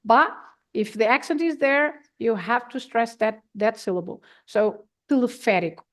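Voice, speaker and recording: Portuguese-accented woman, slightly high voice. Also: a little slow, fairly bright tone. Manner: hesitant, with restarts and light laughter. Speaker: language and culture guest presenter. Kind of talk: casual live-stream chat.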